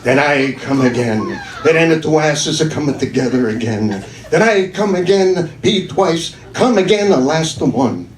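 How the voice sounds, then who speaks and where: Man doing an animated Italian-accented guy. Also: a little high, measured pace, hardly any pauses. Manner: broken English, animated. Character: Italian man talking on a phone on a bus. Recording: echoey room, distant mic, noisy.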